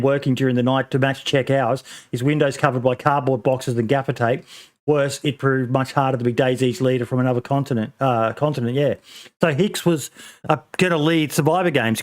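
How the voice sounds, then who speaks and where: Hosting a laid-back gaming podcast, this man speaks in an ordinary middle register. His talk runs in long, meandering stretches riddled with ums and false starts, with casual swearing thrown in.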